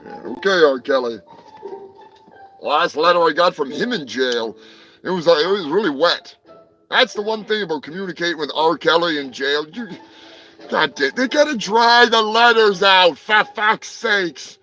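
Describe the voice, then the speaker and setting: Profane high-voiced man ranting comedically. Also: animated, moderate pace, soft background music, rough recording. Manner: profane, rambling, bursts into shouting impressions. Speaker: host. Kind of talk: crude comedic news commentary.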